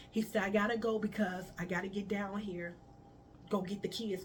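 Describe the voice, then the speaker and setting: In a casual storytime vlog, a woman with a medium-pitched voice tells a personal story at a moderate pace with fairly even intonation. She calls her viewers "y'all" and acts out each person's dialogue in turn, conversationally. The mic is a little distant, with a faint background hiss.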